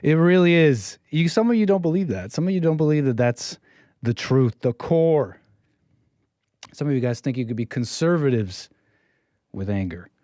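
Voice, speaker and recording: A man hosting a call-in livestream show, rambling brashly and tossing out catchphrases in a slightly high voice. He is close to the mic in a dry room with no echo. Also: animated, normal speed, mellow. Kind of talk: casual livestream monologue.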